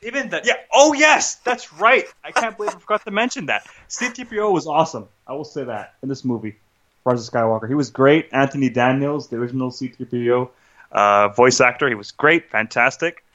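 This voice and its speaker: Male podcast co-host, agitated ranter, bright edge, muffled home-recorded sound. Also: medium pitch, a little fast. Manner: agitated, restarts, rhetorical "right?". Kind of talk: casual film rant.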